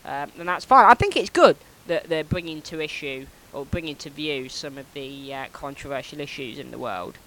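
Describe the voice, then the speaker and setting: A man co-hosting a casual podcast, talking loudly and often breaking into shouts, mumbling with many ums when serious. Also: a little high, normal speed, few pauses, slight background noise, poor audio. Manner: loud, prone to shouting. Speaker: podcast co-host. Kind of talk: casual banter.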